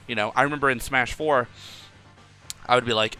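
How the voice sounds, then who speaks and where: A young man coaches in a very bright, sharp voice, talking in a loose, animated way and acting out his own thoughts mid-sentence. Faint music plays under the call. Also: mid-range voice, fairly quick. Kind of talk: casual coaching talk.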